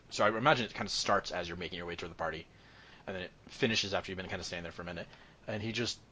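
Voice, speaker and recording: Deep-voiced man as game master, meandering delivery. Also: fairly bright tone, a little hiss or hum. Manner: rambling, many fillers and self-corrections. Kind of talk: narrating a tabletop game.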